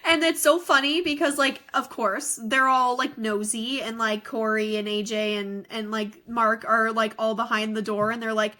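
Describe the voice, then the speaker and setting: A woman co-hosting a podcast who recaps a movie in a chatty way. She leans on "like" constantly. Her voice is bright and a little high. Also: level tone, normal speed, few pauses. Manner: chatty, heavy use of "like". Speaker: podcast co-host. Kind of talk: casual chat, retelling a film.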